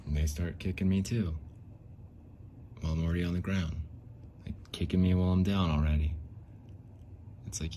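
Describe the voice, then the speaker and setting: Man, extremely low voice, warm dark tone, casual rambling talk, repeats himself. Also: steady tone, normal speed, pauses often, slight background noise. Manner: rambling, repeats himself, frequent likes and restarts. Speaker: podcast host. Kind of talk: casual monologue.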